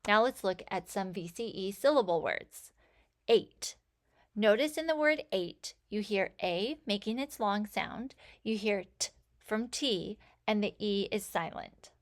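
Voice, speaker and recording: A woman teaching a phonics lesson, sounding out letters and words with slow, clear enunciation. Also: mid-range voice, lively intonation. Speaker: reading teacher.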